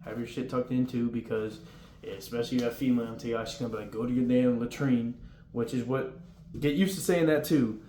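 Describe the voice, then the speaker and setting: A young man talks in a loose, rambling way as he gives advice about basic training, sometimes acting out the yelled commands. His voice sits at a middle pitch. The room is roomy and echoey, with a faint hum behind him. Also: fast talker. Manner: rambling, informal, acts out drill yelling. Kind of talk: casual advice vlog.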